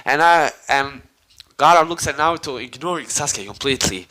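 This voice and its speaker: A man's voice: fairly high pitch, animated, brisk, bright, forceful tone, rough recording. A man casually retelling a fan-made story, rambling, cursing and full of slang and fillers.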